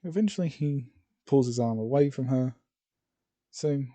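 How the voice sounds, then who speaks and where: A man narrating a fan story in a casual, rambling way, breaking off for asides. His voice sits in a middle register with a very dark, mellow tone. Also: medium pitch, unhurried. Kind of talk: reading a fan story aloud.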